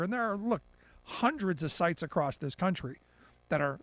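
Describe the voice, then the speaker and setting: Radio commentator, male, higher voice, mocking and animated, dry booth. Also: dry recording. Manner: animated, mocking imitations of politicians. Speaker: political commentator. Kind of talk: radio talk show commentary.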